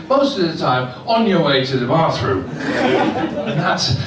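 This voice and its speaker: A man's voice: a little high, unhurried, crowd noise. An older man performing a stand-up set in an underground comedy club, poking fun at himself and chuckling at his own lines. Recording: echoey club mic, heard from far. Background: audience laughter.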